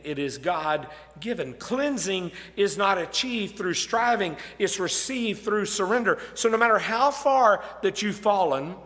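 Slow bright-voiced preacher in a reverberant hall. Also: male voice. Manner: earnest, rising for emphasis then dropping soft and low. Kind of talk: sermon.

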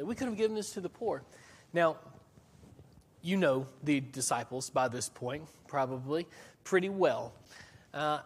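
A man's voice: on the high side, long reverb tail. A man preaching a sermon as pastor in a conversational way, often putting questions to the congregation.

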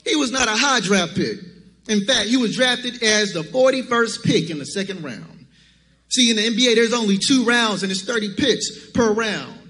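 A man's voice: sits high, lively intonation, normal speed, sharp tone, long reverb tail. A man preaching a sermon to his church, emphatic and calling out to the congregation with rhetorical questions. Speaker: pastor. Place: church sanctuary.

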